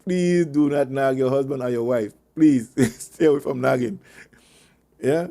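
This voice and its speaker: Male radio host, mid-pitched, rambling anecdotal advice, chuckles often, repeats himself. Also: unhurried, gravelly, warm tone. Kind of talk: casual advice talk. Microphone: online meeting call.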